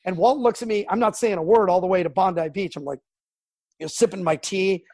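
Brief: middle-aged sports broadcaster, lively storyteller, high voice, dry close sound. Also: male voice, fast talker, no echo. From Southern California. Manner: animated storyteller, acts out quotes and sounds. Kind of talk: storytelling interview.

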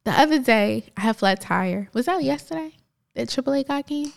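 Animated woman from New Jersey. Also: high voice, moderate pace, creaky. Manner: animated, laughs often, acts out voices in her stories. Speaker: podcast co-host. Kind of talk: casual motivational storytelling.

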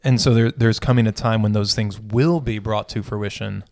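A man's voice: lowish voice, fairly even intonation, normal speed, darkish tone, no echo, studio quality. A man who is a pastor, in a casual conversation about faith, thinking aloud and often correcting himself.

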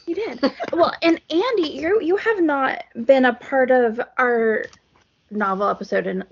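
A woman co-hosting a podcast in casual chat, upbeat and quick to laugh along. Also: high voice, slightly rough, lo-fi sound. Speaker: podcast co-host.

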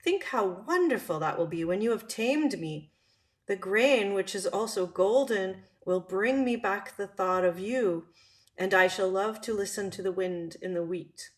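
A woman voicing a wise, gentle male fox in a calm, measured storybook reading. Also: medium pitch, natural voice. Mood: wistful.

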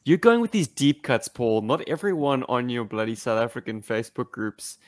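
A man co-hosting a podcast in casual chat, mixing wry teasing with an earnest appeal to listeners. He laughs often. His voice sits at an ordinary pitch and sounds dry and close, with no room around it. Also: expressive, moderate pace, dry recording. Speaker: podcast co-host.

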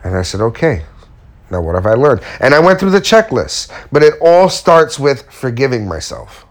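A man's voice: medium pitch, big pitch swings, normal speed. A man who works as a custom furniture maker, giving a blunt, slangy motivational talk and swearing casually as he goes.

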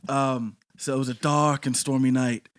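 A man's voice: medium pitch, level tone, moderate pace. A man co-hosting a casual podcast chat, telling a folk legend with jokes and laughter. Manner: jokey, laughing storyteller. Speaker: podcast co-host.

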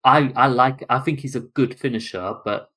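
A man co-hosting a casual football podcast, talking through matches in quick, chatty runs of possibilities. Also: mid-range voice, sharp tone. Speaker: podcast co-host.

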